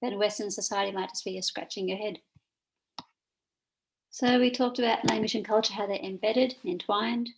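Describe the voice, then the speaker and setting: Gravelly Australian woman teaching. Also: mid-range voice, fairly even intonation, fairly quick, noisy background. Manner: informal, pointing at slides, frequent fillers. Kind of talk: recorded lecture over slides.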